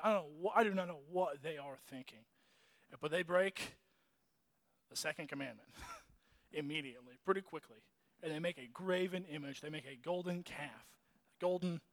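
High-voiced man preaching casually. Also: moderate pace, long pauses. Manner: conversational, restarts and fillers, chuckles. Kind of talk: casual sermon.

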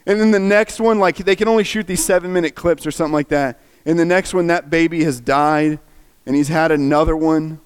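Pastor, male, slightly higher pitch, earnest and emotional storyteller. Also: fairly quick, clean tone. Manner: earnest, emotional, animated retelling. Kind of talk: sermon storytelling.

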